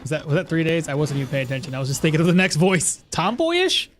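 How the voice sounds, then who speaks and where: A man's voice: fairly high pitch, rapid-fire, slight background noise. A man giving casual, rambling gameplay commentary as a streamer, often laughing at himself. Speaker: game streamer.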